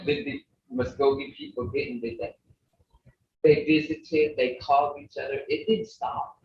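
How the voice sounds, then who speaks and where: Over dull, roomy video call audio with some hiss or hum, a grandmotherly older woman leads an online language lesson, having students practice syllables and laughing frequently. She speaks in a deep, rumbling voice, steady and unhurried, and sounds distant from the mic.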